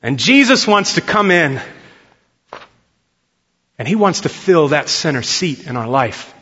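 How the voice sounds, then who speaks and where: Male pastor, thirties, earnest conversational sermon, bright tone, slightly high, dull reverberant hall recording. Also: big pitch swings, measured pace, pauses often, breathy edge. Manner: earnest, conversational preaching with audience prompts.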